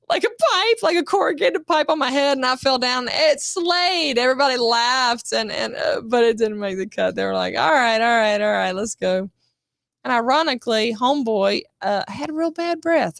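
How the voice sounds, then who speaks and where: A woman with a gravelly, fairly high voice tells a story to a host. She talks animatedly, swears freely and acts out the people she quotes. The sound is close and dry. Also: dry recording. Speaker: guest actress. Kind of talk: casual storytelling interview.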